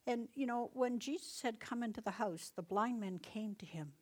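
A woman's voice: fairly high pitch, normal speed, hardly any pauses. A middle-aged woman giving casual Bible teaching, telling personal stories in a chatty way, laughing often and raising her voice for commands. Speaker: Bible teacher and deliverance minister.

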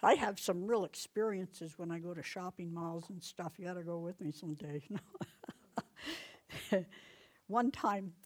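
A woman's voice: fairly low pitch, a little slow. A middle-aged woman giving casual Bible teaching, telling personal stories in a chatty way, laughing often and raising her voice for commands. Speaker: Bible teacher and deliverance minister.

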